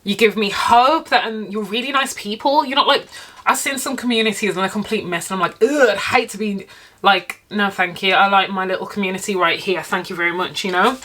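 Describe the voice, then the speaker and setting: A woman's voice: medium pitch, a little fast, sharp tone. A young British woman living in Japan, chatting casually and emphatically to her viewers while eating, with frequent laughs and swearing. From Britain. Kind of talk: casual sit-down chat to camera while eating.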